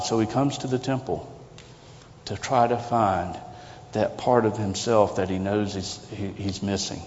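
A male pastor with a fairly low voice delivers a conversational, earnest sermon, tossing out rhetorical questions. His voice carries a long reverb from the sanctuary, and the recording sounds somewhat dull and lo-fi. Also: fairly even intonation, measured pace, darkish tone, a little hiss or hum. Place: church sanctuary.

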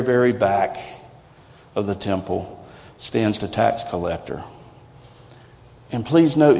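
A man's voice: mid-range voice, warm tone. A man preaching a sermon as a pastor, conversational and earnest, asking the congregation rhetorical questions. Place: church sanctuary. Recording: lo-fi recording in a reverberant sanctuary.

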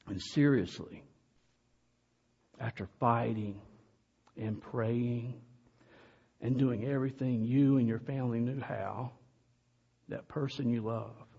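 A pastor delivering an earnest sermon in a church, speaking slowly with occasional loud calls to the congregation. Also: male voice, medium pitch, slightly rough. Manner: slow, earnest preaching with sudden loud calls. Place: church sanctuary. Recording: dull, distant sound in a reverberant hall.

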